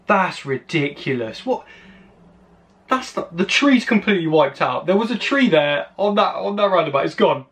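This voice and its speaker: British male host, excitable crash-video reactor, high and animated voice. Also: normal speed. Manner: excitable, exclaiming, gasping at each clip. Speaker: channel host.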